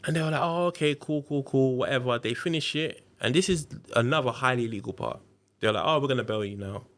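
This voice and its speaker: A man's voice: medium pitch, fast. A man tells a long story on a podcast. He talks in a casual, slangy way and leans into it. He jumps into the voices of everyone he quotes. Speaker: podcast guest.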